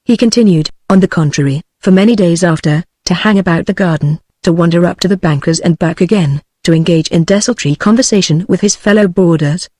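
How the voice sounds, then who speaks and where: A woman's voice: fairly low pitch, no echo. Synthetic British woman reading a novel. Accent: British English. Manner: even, measured synthetic delivery. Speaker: audiobook narrator. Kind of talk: text-to-speech book reading.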